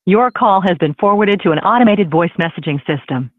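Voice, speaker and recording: An automated voicemail announcement with a flat, formal delivery, heard over a tinny phone line. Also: medium pitch, fairly quick, no echo.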